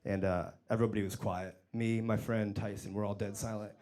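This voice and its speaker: A man's voice: on the low side, brisk. A man doing a stand-up set on a club stage, telling a story with lots of swearing and laughter behind him. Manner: animated storytelling, acts out voices, swears freely. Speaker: stand-up comedian. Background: audience laughter.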